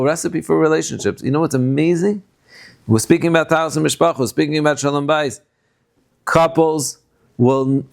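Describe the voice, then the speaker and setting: Man, rabbi, Torah lecture, mid-pitched voice, lively, sprinkles in Yiddish and Hebrew terms. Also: gravelly. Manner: animated, acts out quotes with sudden high bursts.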